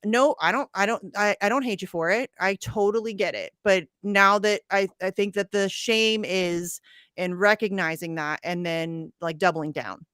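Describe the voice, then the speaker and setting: A woman's voice: medium pitch, normal speed, a bit bright, clear, resonant tone, no echo, clean studio sound. A woman hosting a casual online panel talk, blunt and swearing freely. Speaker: show host.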